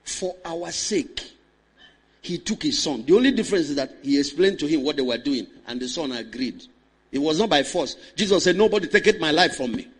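A man preaching a sermon, swinging between loud, impassioned declaration and hushed storytelling, and calling on the congregation to respond. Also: a little high, expressive, normal speed, breathy edge.

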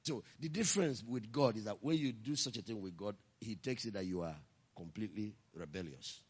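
A male pastor preaching a sermon, telling stories and building to impassioned shouts. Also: fairly low pitch, a little fast, husky, big-room sound.

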